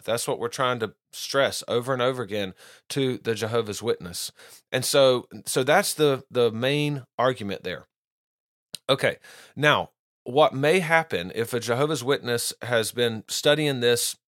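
A man's voice: medium pitch, a bit bright, no echo, clean studio sound. A man giving unscripted Bible teaching, earnest and often restarting his phrases.

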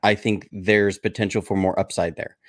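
A man on a football podcast panel, giving a measured take and hedging with filler words. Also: deep voice, little pitch movement, dry recording, clean studio sound. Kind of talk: casual panel chat.

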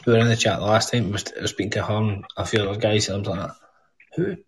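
A man's voice: fairly low pitch, steady tone, rapid-fire, slight background noise, rough recording. A Scottish man hosting a casual podcast call, blunt and teasing, swearing freely.

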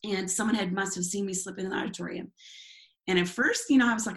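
A woman's voice: fairly low pitch, fairly even intonation, brisk, gravelly, fairly bright tone. A woman who is a worship leader and former youth pastor, telling her personal testimony in an interview in a candid, self-deprecating way with frequent laughs.

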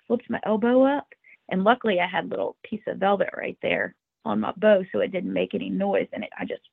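A woman's voice: medium pitch, gravelly, husky, no room sound. A woman guest on a podcast, telling a story in the first person in an earnest, emotional way, with tumbling restarts. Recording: tinny phone-like line, dry.

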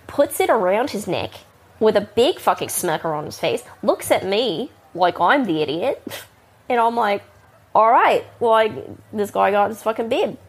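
Husky lady bartender, kiwi-norcal accent, slangy and sweary, just chatting. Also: medium pitch, darkish tone. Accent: Kiwi and Northern Californian mix. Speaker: bartender telling a story. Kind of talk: casual storytelling.

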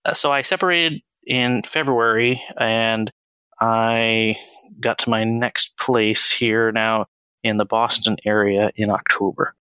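A man in his thirties, a financial planner as podcast guest, speaking in an earnest, measured and reflective way. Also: fairly low pitch, fairly even intonation, bright, forceful tone, clean tone, dry recording, low-quality recording. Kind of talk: conversational interview.

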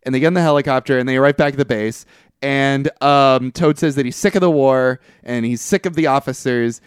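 Smooth-voiced man recapping a movie. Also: mid-range voice, a little fast, no room sound, studio quality. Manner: laughs often, chatty and loose. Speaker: podcast co-host. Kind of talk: casual movie recap chat.

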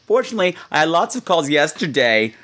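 A man's voice: a little high, big pitch swings, quick pace, a bit bright. A man hosting a podcast, chatting in a campy, cheeky, playful way. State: coughing. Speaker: podcast host. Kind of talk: casual podcast monologue.

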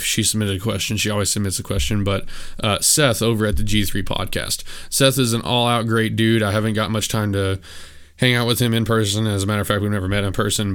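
Low, smooth-voiced man hosting a podcast. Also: fairly bright tone. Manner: casual, rambling, candid with frequent filler words. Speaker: podcast host. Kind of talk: solo podcast monologue.

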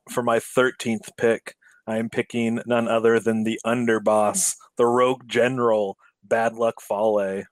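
A man's voice: on the low side, no echo. A man on a casual podcast over a voice call, earnest and hesitant, with many fillers. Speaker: podcast panelist.

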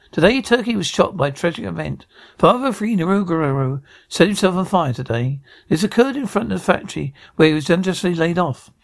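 An actor playing a composed male TV news anchor, reading the news in a brisk, formal way in a dubbed TV drama. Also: fairly high pitch, gravelly.

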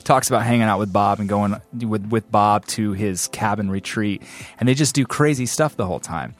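A man's voice: on the low side, normal speed. A man hosting a casual podcast, chatting with his co-hosts and reading out the week's releases. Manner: steers the talk, reads out release lists. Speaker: podcast host.

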